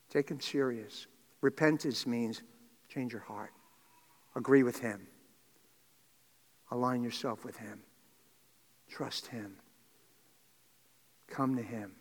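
A male pastor preaching a sermon with earnest intensity, swinging from loud, urgent passages to hushed, near-whispered lines. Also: medium pitch, a little slow, pauses often. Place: church sanctuary. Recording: long hall reverb.

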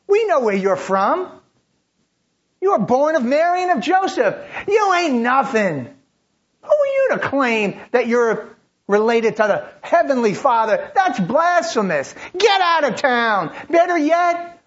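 A preacher voicing a hostile crowd of grumbling men who taunt and mock in a raised, husky voice. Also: male voice, extremely high pitch, big pitch swings, slow pace, pitched above the performer's own voice, full character voice. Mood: scornful. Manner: mocking, shouted taunts. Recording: dull lo-fi recording.

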